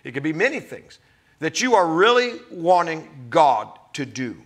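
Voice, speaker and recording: Male pastor preaching with emphatic, drawn-out stresses; bright, somewhat high voice. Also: sing-song. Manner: emphatic preaching, stretching key words. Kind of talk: sermon.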